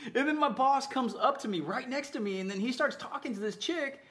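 A man's voice: very high-pitched, fairly quick, a bit bright. An American man, a podcast co-host, telling a story in casual chat with lots of laughing.

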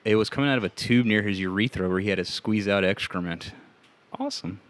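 A man's voice: fairly low pitch, fast talker, a bit bright. A young adult man co-hosting a podcast, telling crude jokes and laughing at them as he talks casually into a studio mic. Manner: crude, wisecracking, laughs at his own jokes. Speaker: podcast co-host. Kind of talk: casual chat.

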